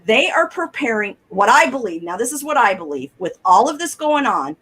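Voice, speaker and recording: A middle-aged woman talks on a casual talk show. She tells chatty, animated stories with a laugh in her voice. Her pitch sits a little high and moves up and down a lot. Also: moderate pace, husky, poor audio. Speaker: co-host.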